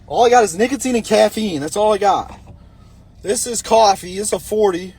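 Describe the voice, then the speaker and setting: Casting: young man, husky and high-pitched, blunt rambling storyteller. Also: normal speed, a little mellow. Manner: blunt, rambling, talks with nicotine pouch in mouth. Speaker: vlogger telling a personal story. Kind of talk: casual storytelling monologue.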